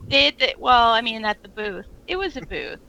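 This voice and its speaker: A woman's voice: fairly high pitch, big pitch swings, normal speed, vocal fry, sharp tone, slight background noise, low-quality recording. A woman co-hosting a casual podcast chat, telling a rambling story full of fillers and laughs. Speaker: podcast co-host.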